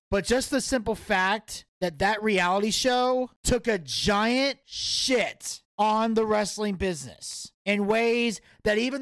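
A man co-hosting a casual wrestling podcast, his voice rough and gravelly. He rants heatedly and swears freely, recorded close and dry with no room sound. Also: sits high, dry recording. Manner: profane, heated ranting. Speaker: podcast co-host. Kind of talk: casual wrestling recap chat.

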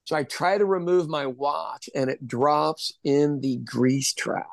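A man's voice: on the high side, slow pace, creaky, dry recording. A man, a chef, telling candid, self-deprecating stories in a casual podcast chat. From Kansas City area, USA.

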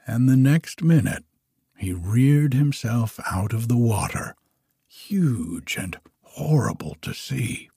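Slow, husky male storyteller. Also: mid-range voice, dry recording, studio quality. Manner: slow, measured, expressive storytelling. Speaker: narrator. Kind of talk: storybook reading.

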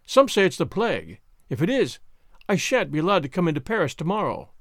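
A man's voice: high voice, sing-song, a little fast, no echo, studio quality. A man voicing a coarse, cackling old woman who drives a cart, taunting and mocking. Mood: sly.

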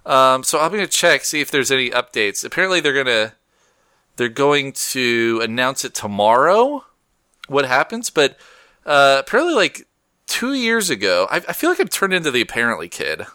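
A man's voice: mid-range voice, sing-song, moderate pace, pushed and bright, no echo, clean studio sound. A man co-hosting a casual talk show, rambling and correcting himself as he goes. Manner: rambling, self-correcting, laughs often. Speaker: podcast co-host. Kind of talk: casual chat.

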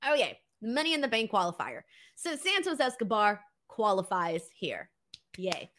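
A woman hosting a casual live-stream wrestling show, talking in an animated way, laughing often and swearing casually. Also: medium pitch, moderate pace, a little hiss or hum.

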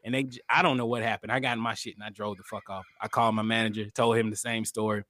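A young man co-hosting a podcast, telling a heated story in casual, profane chat and loudly acting out what people said. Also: lowish voice, fast. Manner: animated, profane, acts out quotes loudly. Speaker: podcast co-host.

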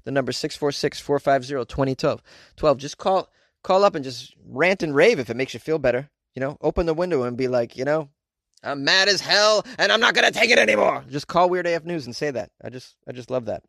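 Male podcast host, mid-pitch, joking and rambling, laughs a lot, dry close-mic sound. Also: fairly quick, no room sound. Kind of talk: casual podcast monologue.

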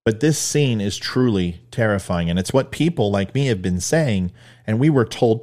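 Emphatic man with lively pitch. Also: moderate pace. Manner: emphatic, punchy, preachy. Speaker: host. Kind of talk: opinionated commentary monologue.

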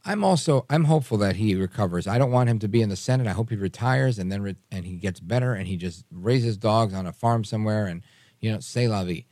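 A man's voice: fairly low pitch, fast talker, warm tone, dry recording. A man hosting a radio talk show, giving emphatic, opinionated political commentary and repeating phrases for emphasis.

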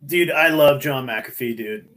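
A man talking in a casual, profane, excitable way on a podcast, telling stories with lots of swearing. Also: medium pitch, measured pace. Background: baby crying in another room.

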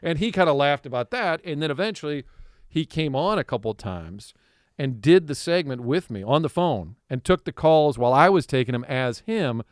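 A male radio guest telling an animated story in a studio, laughing often and slipping into impressions. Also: fairly high pitch, normal speed, no room sound.

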